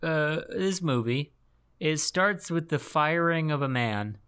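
A man co-hosting a casual podcast about movies, talking haltingly and often stopping to search for words. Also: fairly high pitch, expressive, a bit bright, smooth. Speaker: podcast co-host. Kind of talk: casual movie-talk chat.

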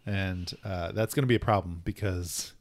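A man co-hosting a casual comic book chat, thoughtful and measured, often restarting his phrases. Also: deep voice, fairly even intonation, no echo. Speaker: podcast co-host.

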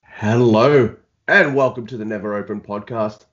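A man's voice: lowish voice, moderate pace, fairly bright tone, dull audio. A man hosting a podcast in casual, rambling, self-deprecating chat. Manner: rambling, self-deprecating, many fillers and restarts. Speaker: podcast host.

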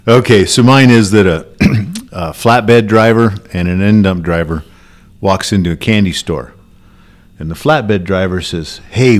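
A man with a somewhat low voice, talking easily on a company podcast. He tells his jokes slowly and loosely, in a relaxed, unhurried way. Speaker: podcast co-host. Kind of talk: casual chat, telling jokes.

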